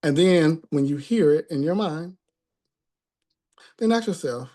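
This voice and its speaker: A man's voice: on the high side, measured pace, long pauses, a little mellow. A man teaching a spiritual class in a conversational tone, often checking in with the listeners.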